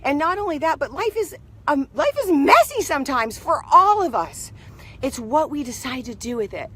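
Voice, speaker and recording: A woman with a high, bright-sounding voice gives a casual spiritual pep talk. She tells her story in an animated way and keeps checking in with her listeners. Her voice swings between soft asides and loud bursts. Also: moderate pace, a little hiss or hum. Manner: animated, keeps asking "right?". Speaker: motivational speaker.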